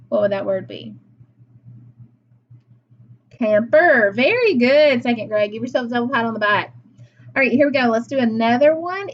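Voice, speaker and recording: A woman teacher leading a phonics lesson for young children, slow and encouraging, pausing for their answers. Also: on the high side. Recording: slightly dull lo-fi sound with faint noise.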